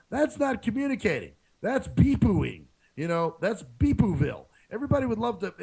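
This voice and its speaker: Brief: male radio host, gravelly voice a touch high, blunt swearing rant. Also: rough recording. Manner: ranting, frank, swears freely. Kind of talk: casual solo monologue.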